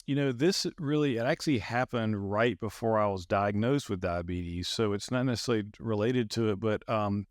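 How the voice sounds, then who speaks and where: A middle-aged man telling a story as an interview guest, earnest and halting, often repeating words. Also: on the low side, no echo, clean studio sound. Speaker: guest, athlete and speaker.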